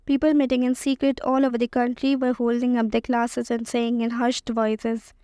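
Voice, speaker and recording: Woman reading a storybook aloud, kinda high voice, steady. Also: normal speed, no echo. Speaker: audiobook reader. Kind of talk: audiobook narration.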